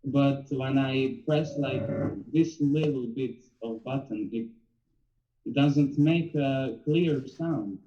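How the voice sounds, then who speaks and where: A man's voice: mid-range voice, takes it slowly, muffled recording. A man taking an accordion lesson over a video call, talking hesitantly and searching for words. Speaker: accordion student. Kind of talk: lesson conversation.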